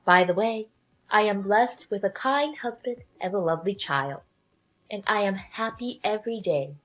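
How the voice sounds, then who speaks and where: A woman's voice: medium pitch, expressive, normal speed, fairly bright tone, rough recording. A woman narrating a scripted drama story in the first person, blunt and sarcastic.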